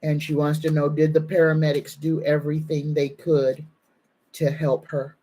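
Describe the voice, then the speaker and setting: A woman's voice: sits low, flat delivery, dark tone. A woman psychic medium giving an earnest, soothing live-stream reading, at times moved to the edge of tears. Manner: slow, earnest, soothing, emotional. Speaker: psychic medium and tarot reader.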